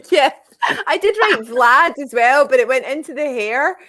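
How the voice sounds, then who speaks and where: A woman's voice: sits high, expressive, unhurried, a bit bright, no room sound. Giggly Scottish woman comedian. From Scotland. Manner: giggly, teasing. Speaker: comedian guest. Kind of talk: casual chat. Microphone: video call.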